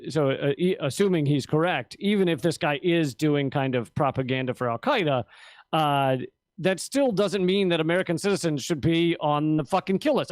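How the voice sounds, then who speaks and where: Animated rambling man, fairly high voice. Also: moderate pace, no echo. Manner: rambling, animated, swears, mimics officials in a high voice. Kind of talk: casual political talk.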